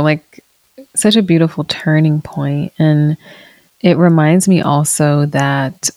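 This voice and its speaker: Very slow, low-voiced woman host. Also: dry recording. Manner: warm affirming, many soft "mm" backchannels. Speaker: podcast host. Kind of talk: interview conversation.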